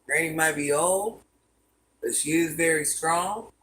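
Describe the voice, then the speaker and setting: A woman in her fifties reads her livestream viewers' comments aloud from home and answers them one by one in a relaxed, chatty way. Her voice sits low and a bit bright, a little slow, with slight background noise.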